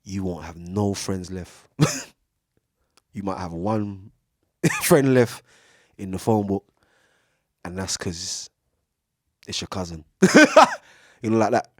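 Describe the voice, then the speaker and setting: Young man, swearing, lively preachy monologue, dry close studio sound. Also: sits low, takes it slowly, long pauses, dry recording. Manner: preachy, profane, animated, swings between loud and hushed. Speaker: podcast speaker. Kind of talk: casual monologue. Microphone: studio mic.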